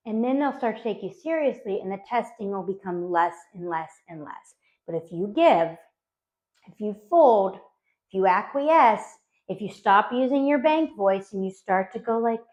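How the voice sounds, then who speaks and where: Animated woman dog trainer, lo-fi sound. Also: medium pitch. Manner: animated, acts out dogs and owners in quick voices. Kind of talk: spoken instructional talk to dog owners. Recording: dull lo-fi sound.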